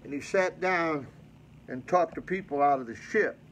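A man's voice: fairly high pitch, normal speed, a little hiss or hum, low-quality recording. A male pastor preaching a sermon at a mission church, reading scripture and adding folksy, colloquial commentary to his congregation.

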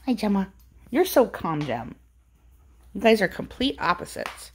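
At home indoors, a woman films her dogs for a casual pet-talk vlog, speaking to them in sing-song baby talk. Her mid-range voice moves at a measured pace with long pauses, and a little hiss or hum sits under the recording.

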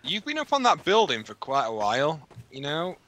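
A man, bantering quickly with friends during a game. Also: on the high side, huge pitch swings, a bit bright, no room sound. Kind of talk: casual game chat.

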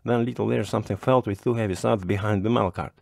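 Low-voiced male storyteller. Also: vocal fry, dry recording, clean studio sound. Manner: measured, expressive reading. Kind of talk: audiobook narration.

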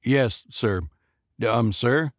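A man's voice: medium pitch, drawn-out words, no echo, clean studio sound. A man voicing a nervous, polite young man who speaks hesitantly and deferentially.

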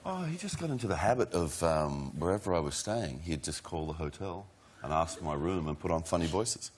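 Man, talk show guest, low voice, varied pitch, relaxed storyteller, noisy audience. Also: brisk, husky. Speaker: actor guest. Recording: loud studio audience and noise.

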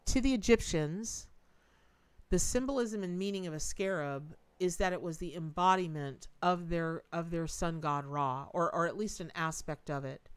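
A woman's voice: lowish voice, moderate pace, smooth, no room sound. Folksy woman reading tarot live. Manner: folksy and emotive, thanks donors, says y'all and Lordy. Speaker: tarot reader and livestream host.

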